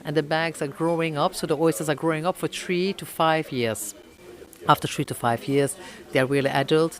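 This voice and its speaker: French-accented woman, halting answers. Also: low-pitched. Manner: halting, many fillers, searches for English words. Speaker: oyster company owner. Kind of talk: interview answers.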